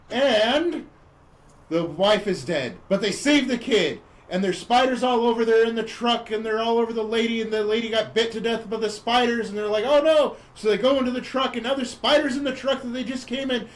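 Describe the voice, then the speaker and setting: A man hosting a podcast, casually retelling a movie plot in a rambling, animated way and acting out the characters' lines. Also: very high voice, fairly quick, hardly any pauses. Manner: rambling, animated storyteller who acts out quotes. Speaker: podcast host.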